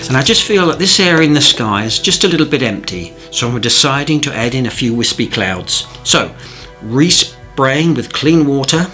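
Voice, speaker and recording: A middle-aged man narrating a watercolour painting tutorial in a chatty, gently humorous way. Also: mid-range voice, lively intonation, moderate pace, faint music behind. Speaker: watercolour teacher.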